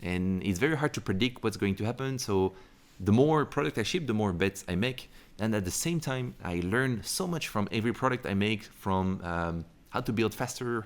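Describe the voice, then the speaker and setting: A man from France with a French accent, chatting casually to the camera in an upbeat, rambling way. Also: lowish voice. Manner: upbeat, rambling, thinks aloud with many fillers. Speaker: solo entrepreneur vlogger. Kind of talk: casual vlog chat to camera.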